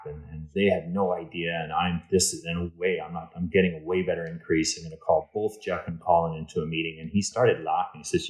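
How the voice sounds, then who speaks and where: A man from Canada, a guest in an interview, telling a story with lively acted-out dialogue and many restarts. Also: sits low, quick pace, hardly any pauses, low-quality recording. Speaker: interview guest, insurance executive.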